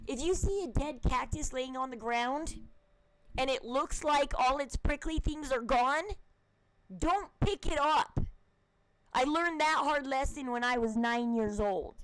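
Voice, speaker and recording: A woman's voice: sits high, clear, resonant tone, rough recording. A woman host rambling casually to her viewers in a chatty, emphatic way. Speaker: channel host.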